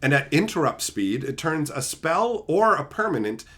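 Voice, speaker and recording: A man hosts a live stream with loud, profane excitement. His voice is bright and lively, swinging widely in pitch, and he breaks into shouted impressions of his friends. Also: moderate pace, breathy edge. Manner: profane, excitable, rants about cards.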